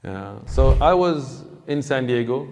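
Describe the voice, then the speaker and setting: Male preacher, conversational storyteller, fry in the voice, big reverberant hall. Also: mid-range voice, measured pace, a little hiss or hum. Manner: casual, conversational, animated retelling. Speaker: Islamic speaker. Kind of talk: storytelling sermon.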